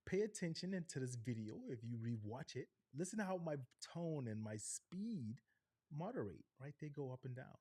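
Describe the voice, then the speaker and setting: A middle-aged presentation coach leads a live online workshop on camera, sounding animated. He shifts his pitch and pace on purpose and keeps checking in with "right?" The studio sound is clean, with no room sound.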